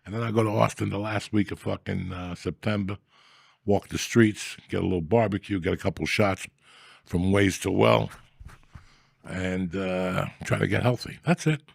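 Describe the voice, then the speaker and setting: Podcast host, middle-aged man, husky voice, dry close sound, profane and rambling, gruff comic delivery. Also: low-pitched, steady tone, moderate pace, dry recording. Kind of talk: casual comedic rant.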